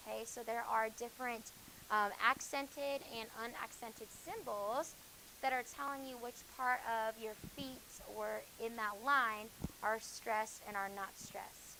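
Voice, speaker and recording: A woman teaching a high school English class. She explains with many fillers and self-corrections and keeps hushing her students. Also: a little slow, slight background noise, poor audio. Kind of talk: classroom lecture.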